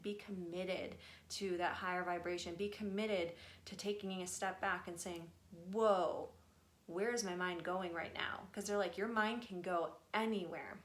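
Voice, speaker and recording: A woman's voice: fairly low pitch, echoey room. A woman speaking casually and earnestly, passing on messages from her spiritual guides and swearing now and then. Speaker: spiritual channeler. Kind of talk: casual channeling talk.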